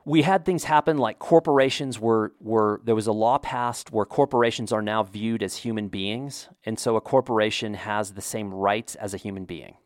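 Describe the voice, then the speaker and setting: A man's voice: fairly low pitch, no echo, studio quality. A man talking in a casual, rambling opinion monologue, often restarting his sentences and adding emphatic asides.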